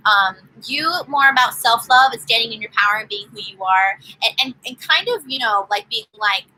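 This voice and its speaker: A woman's voice: on the high side, moderate pace, pushed and bright, rough recording. A woman giving a live-streamed tarot reading, chatting in an upbeat, casual way straight to her viewers. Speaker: tarot reader.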